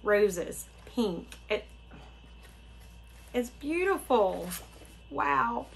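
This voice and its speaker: A woman's voice: on the high side, sing-song, very slow, gravelly, a bit bright, low-quality recording. A middle-aged woman, hosting a casual unboxing vlog and gushing with delight to her viewers. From Florida. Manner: gushing, exclaims often, talks to viewers. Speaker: craft channel host.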